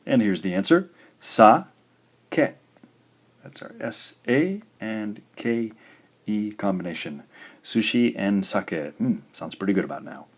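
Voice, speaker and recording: A man teaching in a recorded video lesson, patient and slow, saying each syllable out clearly. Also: fairly low pitch, expressive, darkish tone. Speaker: language teacher.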